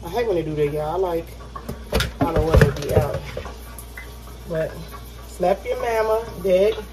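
A woman's fairly low-pitched voice moves at a slightly slow pace as she chats with viewers in a casual cooking vlog. Making dinner at home, she speaks straight to them and says "y'all" again and again.

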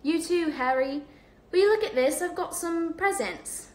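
A woman voicing an eager, chatty young schoolboy wizard in a storybook reading, her voice pushed high and bright. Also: unhurried, roomy sound. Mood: excited.

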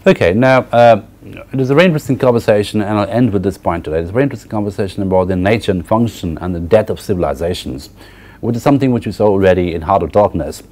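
A male university lecturer reading passages from a novel aloud and pausing to explain them to students. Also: lowish voice, a little mellow. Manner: reads passages with frequent fillers and restarts, then explains.

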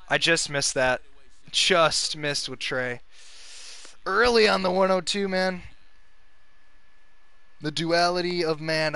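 A man's voice: a little high, pushed and bright, smooth, no room sound. A young man giving casual, profane gameplay commentary as a gaming video host, venting frustration and urging on his players.

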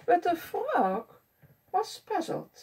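A woman librarian reading a picture book aloud at storytime, in an expressive, sing-song way. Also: very high-pitched, slow pace. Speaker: children's librarian.

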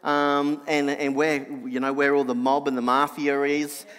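Nasal Australian preacher, reverberant church. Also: male voice, unhurried, clear, resonant tone. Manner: animated anecdotal, drops soft and low for reflection. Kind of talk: sermon storytelling.

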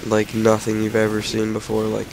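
A sick teenage boy giving loose gameplay commentary, his voice gravelly and cracking. He rambles and then breaks into shouted frustration, with a faint hiss under the recording. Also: lowish voice, monotone, moderate pace. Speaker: gamer.

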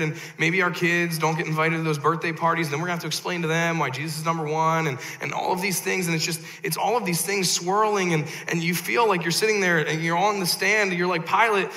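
A man's voice: fairly even intonation, brisk, few pauses. Impassioned man preaching in a hall. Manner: impassioned, building to loud peaks then dropping low. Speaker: pastor. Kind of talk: sermon.

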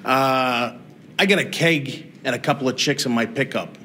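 A man voicing a brash wiseguy reporter who talks fast with a swagger. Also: mid-range voice, bright, forceful tone, a little hiss or hum, natural voice.

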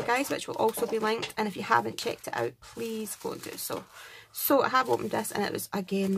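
A creaky, rather high-pitched voice belongs to a Scottish woman opening gifts on her craft channel, chatting casually to the camera. She raves about each one and thanks every sender warmly. Slight background noise can be heard.

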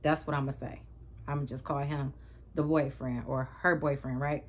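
A woman's voice: low voice, fairly even intonation, moderate pace. A woman vlogger telling a dramatic story to her viewers in slangy, casual speech. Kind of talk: storytime vlog.

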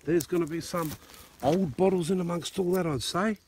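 An Australian man hosts a metal detecting outing in a dry field, chatting casually and cracking jokes while filmed on a phone camera. His voice is high-pitched with a darkish tone and moderate pace, and there's a slight hiss or hum in the recording.

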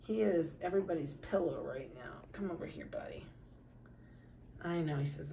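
A middle-aged woman dog breeder in a casual puppy update, cooing softly to the litter and giving brisk practical notes to buyers. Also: sits low, vocal fry, distant mic, slight background noise. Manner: coos softly to puppies, then gives brisk practical notices to buyers.

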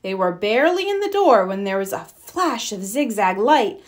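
A woman reading a children's picture book aloud with expressive storytelling. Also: mid-range voice, normal speed. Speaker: storybook reader. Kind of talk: children's read-aloud narration.

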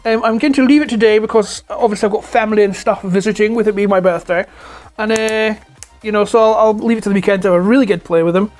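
A man in his forties with a Scottish accent, chatting casually to camera about toys at home on a clip-on mic, his voice hoarse and close to breaking, rambling and swearing freely. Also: high-pitched, fairly even intonation, quick pace, darkish tone. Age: 40s. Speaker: toy collector vlogger. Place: at home indoors. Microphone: clip-on lapel mic.

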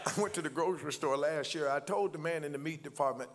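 A man preaching a sermon, calling for responses from the congregation and rising to shouts. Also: on the high side, fast, over loud music. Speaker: pastor. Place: church.

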